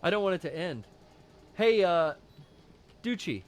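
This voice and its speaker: A man co-hosting a game stream, excitable and jokey, cursing often while commenting on play. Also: high voice, unhurried. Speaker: streamer co-host. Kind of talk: casual gameplay commentary.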